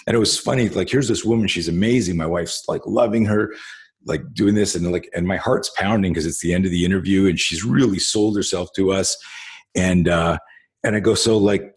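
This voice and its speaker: A man with a deep, husky voice hosts a loose conversation and talks in long, rambling stretches. He circles back on himself with lots of restarts and fillers, and he swears freely as he tells his stories. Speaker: host. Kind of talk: casual conversation.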